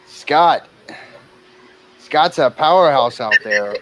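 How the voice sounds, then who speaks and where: A man's voice: a little high, lively intonation, unhurried, a little hiss or hum, poor audio. A man calling out bids in a casual livestream art auction, joking and exclaiming over each new bid.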